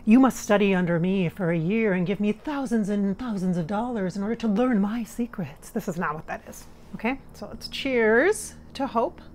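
A middle-aged spirit medium talks casually to viewers during a channeling session, her mid-range voice a little mellow, moderately paced, with few pauses. She's earnest and emotional, laughing often and tearing up.

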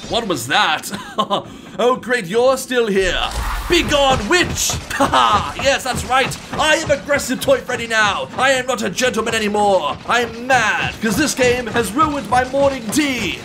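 A man voicing a polite, tea-loving gentleman toy bear animatronic, commenting on gameplay with fussy exclamations and calling people sir. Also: high voice, lively intonation, takes it slowly, vocal fry, over music, full character voice. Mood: chatty. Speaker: let's-play host.

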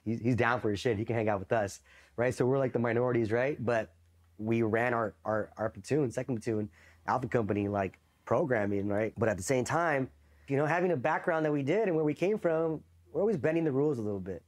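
A man's voice: medium pitch, animated, a little fast, darkish tone. A man from East Los Angeles, a Marine veteran, telling stories in a casual, profane interview, loose and full of "you know" and "right?".

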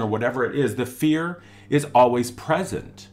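A man's voice: mid-range voice, moderate pace, few pauses. A man giving a spiritual monthly forecast talk, earnest and emphatic, repeating phrases for effect. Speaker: spiritual teacher.

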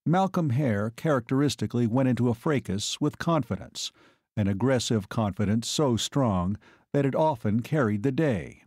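A man reads a war story aloud in an even, measured way. His voice sits at an ordinary pitch for a man. The recording is close and dry, with no room sound. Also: slightly rough, no echo. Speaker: audiobook narrator. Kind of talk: scripted narration.

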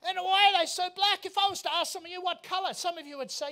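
Man, pastor, very high voice, emphatic sermon, church auditorium. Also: fast, few pauses. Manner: emphatic preaching, rising to shouts.

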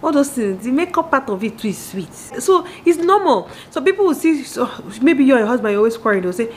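A brisk Nigerian woman in her thirties talks straight to her viewers about marriage, quick and lively, now and then slipping into the voices of the people she quotes. Her voice sits a little high for a woman. A faint hum of noise stays under the recording. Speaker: vlogger. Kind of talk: candid monologue on marriage.

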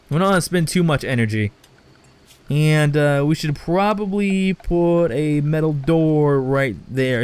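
A man's voice: mid-range voice, smooth. A young man giving casual commentary while playing a game, swearing and exasperated when things go wrong. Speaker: let's play host.

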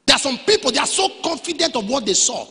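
Pastor preaching in a reverberant hall. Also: male voice, sing-song, quick pace. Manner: swings from low storytelling to shouted preaching. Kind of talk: sermon.

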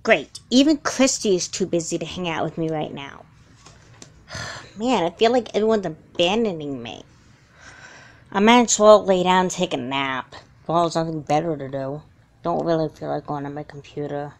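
A woman's voice: low voice, normal speed. A woman voicing a sulky young girl. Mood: glum. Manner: sighing, sarcastic complaints. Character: moody young girl, sulky and easily frightened. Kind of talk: doll film voice acting.

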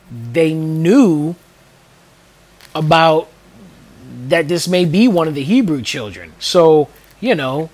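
A man reading a Bible passage aloud and stopping to comment in a loose, rambling way, often repeating himself and leaning on fillers. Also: on the high side. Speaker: Bible teacher on a video channel. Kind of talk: reading scripture with casual commentary.

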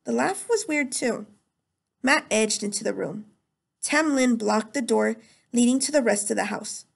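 A woman teacher reading a novel aloud in a steady, plain storytelling manner. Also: fairly high pitch, measured pace, vocal fry.

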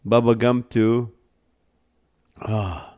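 A man's voice: mid-range voice, fairly even intonation, a little mellow. A man hosting a live stream, reading viewer comments aloud and laughing often, at times to tears. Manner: slow, drawn-out delivery.

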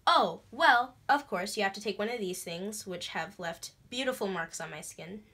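A young woman chatting through a craft tutorial in a bubbly, excitable way, breaking into gasps and squeals. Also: medium pitch, moderate pace, slightly rough. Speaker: craft vlogger. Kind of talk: casual DIY tutorial chat.

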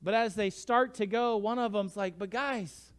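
A man preaching a sermon as pastor, telling the story with swings from hushed to shouting. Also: high-pitched, steady tone, moderate pace, clear, resonant tone. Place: church sanctuary. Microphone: livestream church mic.

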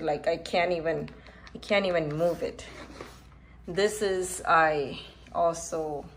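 A middle-aged woman talks slowly and rambles through a home repair, full of fillers and pauses. Her voice sits a little low and she sounds out of breath from pulling. Faint room ambience hangs behind her. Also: a little hiss or hum. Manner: rambling, halting, with frequent fillers. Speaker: home vlogger. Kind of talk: casual home repair vlog.

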